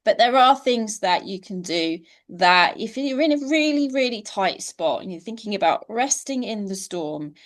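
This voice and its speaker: A woman hosts a relaxed interview over a video call, her voice at an ordinary pitch. She talks casually and thinks aloud as she moves to the next question. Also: moderate pace, hardly any pauses. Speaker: host.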